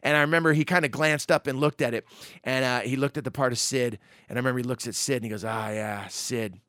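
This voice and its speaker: A man telling a personal story in a casual, animated way, acting out quotes and using lots of fillers. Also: mid-range voice, fast talker, dry recording, studio quality.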